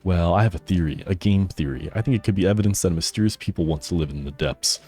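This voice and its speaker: A man's voice: deep voice, fast talker, a little mellow, slightly rough, soft background music, pitched below the performer's own voice. A man voicing an eager, headstrong young girl researcher, pleading as he reads her game lines.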